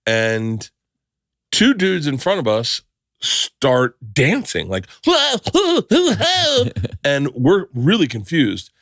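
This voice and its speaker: A middle-aged man hosting a podcast, telling stories in an animated, profane, casual way. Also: mid-range voice, slow, no room sound, clean studio sound. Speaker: podcast host. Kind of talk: casual chat.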